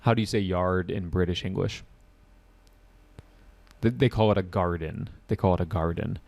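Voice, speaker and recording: An American man teaching an IELTS class online and taking student questions, relaxed and repeating key points. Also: low voice, normal speed, creaky. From United States.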